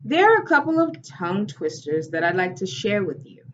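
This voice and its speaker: A woman theatre teacher giving a lesson in a slow, deliberate, instructive way. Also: medium pitch, big pitch swings. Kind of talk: recorded classroom lesson. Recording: dull, distant recording with faint hiss.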